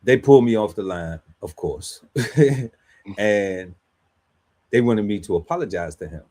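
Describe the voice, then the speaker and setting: A man's voice: on the low side, lively intonation, unhurried, mellow. A man on a podcast panel telling a story in casual, slangy chat, laughing often and acting out quotes.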